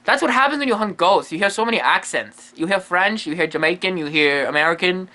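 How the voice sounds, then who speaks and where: A guy doing a quirky lonely ghost medium, rambly broken english, bright, bouncy pitch, comedy bit. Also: animated, fairly quick. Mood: goofy. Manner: broken English that drops articles, rambling asides. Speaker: comedy vlogger in character. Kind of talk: comedy character monologue.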